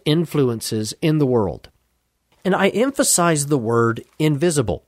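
A man's voice: fairly high pitch, lively intonation, no room sound. Earnest male preacher, dry sound. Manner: earnest, measured, emphatic repetition. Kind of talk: expository sermon.

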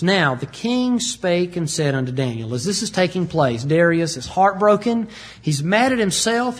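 High, husky preacher. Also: male voice. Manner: emphatic, repeats phrases, explains scripture plainly. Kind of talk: sermon.

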